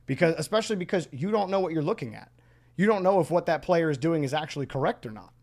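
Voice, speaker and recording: A man's voice: a little high, expressive, fast talker, darkish tone. A man casting a live video game match, chatting and giving play-by-play. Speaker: esports caster. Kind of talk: live game commentary and chat.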